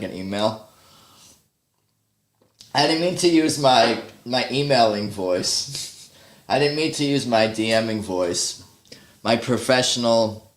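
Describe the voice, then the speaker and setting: A man's voice: medium pitch, reverberant. Rambling man chatting on a livestream. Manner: rambling, thinks aloud, self-deprecating. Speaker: livestream host. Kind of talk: casual livestream chat while practicing guitar. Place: home practice room. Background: guitar playing.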